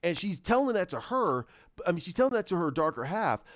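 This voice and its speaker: A fairly high-voiced man rambles through a recap, and he jumps into the scenes to act them out. He stumbles and restarts often, and his voice sounds close and dry. The sound is muffled, with the top end dulled. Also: brisk, no echo. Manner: rambling, animated, acts out scenes with repeated restarts. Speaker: show recapper. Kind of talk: casual spoken recap.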